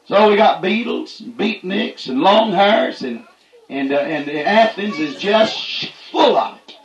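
A man preaching a fiery, folksy sermon, punctuating his points with "that's right" and rising to shouts. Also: high-pitched, expressive, takes it slowly, echoey room, muffled recording, soft background music.

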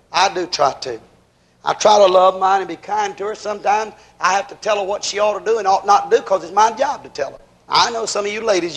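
A man preaching a fiery sermon, swinging from shouts to low asides and drawing out his emphatic phrases. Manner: impassioned, rising to shouts then dropping low.

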